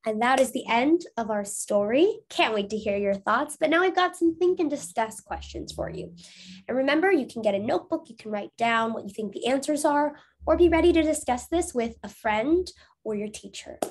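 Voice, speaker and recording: A woman's voice: high voice, lively intonation, normal speed, slight background noise. A woman teacher reading a storybook aloud to young students, then asking encouraging discussion questions. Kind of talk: reading aloud to children, lesson.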